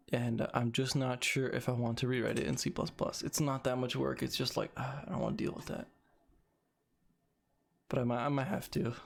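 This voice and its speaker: A man's voice: mid-range voice, vocal fry. A young man casually talking through his coding project, thinking aloud with frequent restarts. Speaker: video creator.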